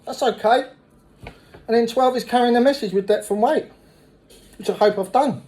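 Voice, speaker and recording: Man, high-pitched, middle-aged, blunt, swears, recovery testimony. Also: normal speed. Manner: lively storyteller. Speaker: speaker at a recovery meeting.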